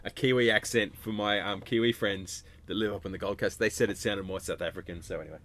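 Male podcast co-host, low voice, wry and ribbing. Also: fairly even intonation, fast, hardly any pauses, fairly bright tone, a little hiss or hum. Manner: wry, ribbing, rambling storyteller. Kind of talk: casual sports chat.

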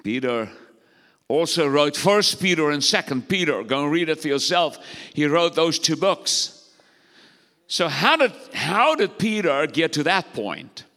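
Bright-voiced, high-pitched man preaching in a reverberant hall. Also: sing-song, unhurried. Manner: exhorting, calls for congregation responses. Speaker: pastor. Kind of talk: sermon.

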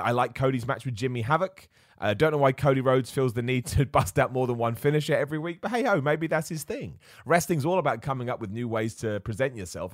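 A man's voice: mid-range voice, no echo. Man, show host, casual wrestling commentary, enthusiastic, rambling, restarts, dry recording.

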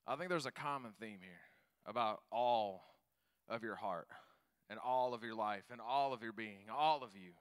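A man preaching a sermon, telling stories with animated enthusiasm. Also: medium pitch, normal speed, clear, resonant tone. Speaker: pastor.

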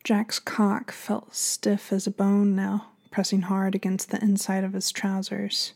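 A woman narrating an erotic audiobook in a soft, half-whispered reading voice. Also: mid-range voice, monotone, unhurried, vocal fry.

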